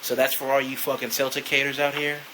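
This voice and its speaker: A man's voice: mid-range voice, level tone, fast talker, background noise. A man ranting casually to camera as a sports fan, profane and rambling, with lots of "you know" fillers.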